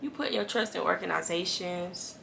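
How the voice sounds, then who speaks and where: A woman speaks in a bright, sharp tone with a gravelly fry running through her voice. She gives a casual devotional talk straight to camera. Her delivery is earnest and emphatic, with lines repeated for weight. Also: on the low side, moderate pace, slight background noise. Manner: earnest, encouraging, talks straight to viewers. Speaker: Christian faith vlogger.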